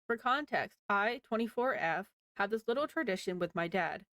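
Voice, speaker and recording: A woman's voice: medium pitch, animated, normal speed, a bit bright, no room sound. A woman reading online posts aloud in a casual way, with wry asides to the listener.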